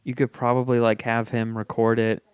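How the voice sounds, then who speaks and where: Man, podcast host, relaxed, joking, crisp clear voice, dry close sound. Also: mid-range voice, no room sound. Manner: relaxed, quick to laugh and joke. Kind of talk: casual podcast chat.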